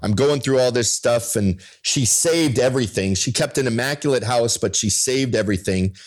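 A middle-aged man co-hosting a relaxed sports talk show, spinning stories in an easy mid-pitched voice. He livens up and jumps higher whenever he quotes someone. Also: moderate pace. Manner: storytelling, animated when quoting others. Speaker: co-host. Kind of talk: casual chat.

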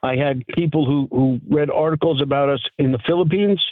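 A man's voice: a little high, fairly quick, no echo. A middle-aged man telling stories as a guest over a phone line, who works as a lawyer and plays Santa. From New York. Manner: chatty anecdotal storyteller. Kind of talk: phone interview, storytelling.

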